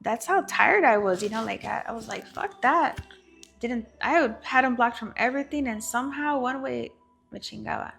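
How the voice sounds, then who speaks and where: A woman's voice: fairly high pitch, fairly quick, gravelly, a bit bright, faint music behind. A woman talking frankly and profanely as a guest, telling a personal story with Spanish phrases mixed in.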